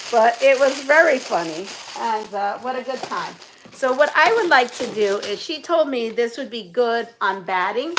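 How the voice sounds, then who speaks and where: A woman's voice: a little high, creaky, a bit bright. A woman hosting a quilting channel, chatting casually and rambling as she shows off items, laughing often. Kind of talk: casual show-and-tell chat. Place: home sewing room.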